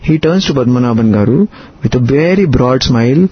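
A man's voice: mid-range voice, a little fast, slightly rough, dry recording, highs cut off. A man, a Telugu speaker, recounting a personal story in an interview and acting out the quoted speech. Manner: animated retelling, acts out quoted speech. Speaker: interview guest.

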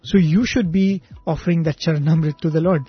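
A man's voice: a little high, steady tone, a little fast, slightly rough. Man telling of a pleading devoted queen. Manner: earnest, pleading. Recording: dull lo-fi recording, faint music.

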